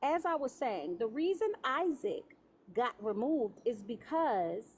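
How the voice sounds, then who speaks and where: A woman's voice: a little high, big pitch swings, unhurried, a little hiss or hum. A woman hosting a livestream debate, cutting callers off and talking down to them. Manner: condescending, cuts callers off. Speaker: livestream host.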